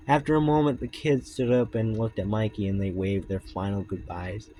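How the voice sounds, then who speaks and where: A man's voice: on the low side, fairly even intonation, moderate pace, few pauses, mellow, faint music behind, poor audio. A young man reading his own fan-fiction book aloud in a casual manner, stumbling and correcting himself as he goes. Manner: informal, with restarts and self-corrections. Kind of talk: casual read-aloud narration.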